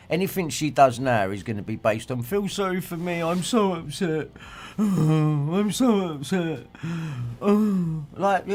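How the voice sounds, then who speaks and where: A man, ranting and swearing in a rambling livestream monologue and reacting to viewer comments. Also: fairly low pitch. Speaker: livestream host.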